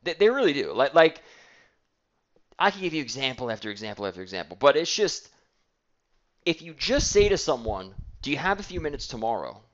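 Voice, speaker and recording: Blunt, animated male sales trainer. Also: medium pitch, fairly quick, muffled recording.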